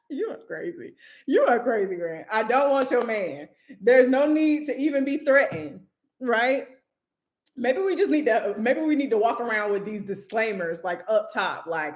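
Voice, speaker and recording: She hosts the casual livestream chat with loose, "like"-filled talk, her slightly high voice expressive and at a normal speed. The room echoes.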